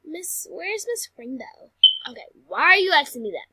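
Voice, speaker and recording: A woman's voice: high-pitched, very animated, moderate pace, bright, forceful tone, no echo. A woman chatting through a game role-play, often dropping into whispered asides.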